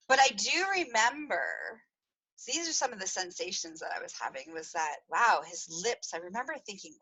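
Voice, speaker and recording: A podcast host rambles through a confessional story, giggling between thoughts, full of fillers and restarts. Her voice is bright and husky with a swinging, lively pitch, a little fast, and the recording is rough.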